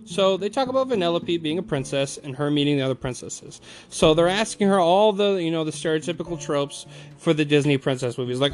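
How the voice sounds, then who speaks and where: A man's voice: fairly high pitch, fairly quick, soft background music. A man ranting angrily about a movie, swearing often and mocking the studio with put-on quotes. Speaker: film reviewer.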